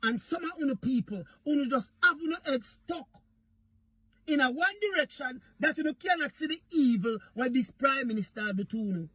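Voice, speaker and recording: A political commentator with a Jamaican Patois accent and a very high, sharp voice rants passionately at normal speed with lively intonation, recorded with no echo. He's fiery and preachy, calling out to his audience again and again and repeatedly addressing Jamaica.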